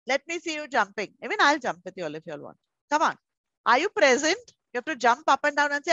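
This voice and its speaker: A woman preschool teacher, leading young children through an online class in an animated, playful, coaxing way. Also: high voice, fairly quick, dry recording, lo-fi sound.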